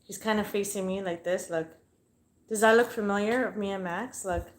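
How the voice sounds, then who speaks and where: A woman's voice: mid-range voice, moderate pace. A young adult woman chatting playfully and bluntly on a casual live stream, talking to her dog and giving readings. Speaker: live psychic reader.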